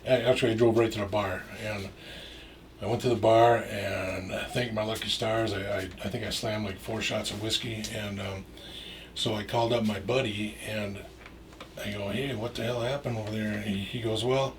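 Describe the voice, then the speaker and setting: Middle-aged man, low voice, rambling storyteller, loose and profane, recorded at a distance. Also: steady tone, normal speed. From Minnesota. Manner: rambling, many restarts and fillers, swears freely. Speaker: storyteller guest. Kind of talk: casual anecdote. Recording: distant mic with faint noise.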